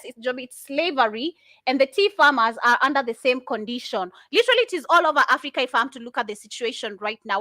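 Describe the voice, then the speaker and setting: Fiery, high, bright-voiced woman. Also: dry recording. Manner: fiery, indignant, rhetorical questions. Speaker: commentator reacting to videos. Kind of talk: impassioned commentary.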